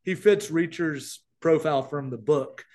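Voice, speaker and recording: A man's voice: on the high side, unhurried, a little mellow. A middle-aged man co-hosting a podcast, chatting casually and rambling with many restarts. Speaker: podcast co-host. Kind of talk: casual chat.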